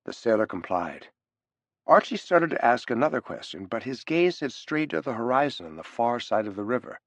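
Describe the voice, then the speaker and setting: A male audiobook narrator with a middle pitch and a lively, animated reading that rises and falls through the prose. He sits close to a studio mic in a dry, dead room with no background. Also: moderate pace, no room sound. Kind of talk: scripted narration.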